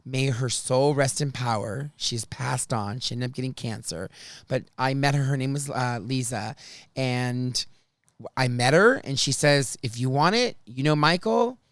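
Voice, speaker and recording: A man hosting a podcast, telling stories from his life in a chatty, animated way. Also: mid-range voice, measured pace, no room sound. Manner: chatty, animated, restarts and laughs often. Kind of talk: casual storytelling chat.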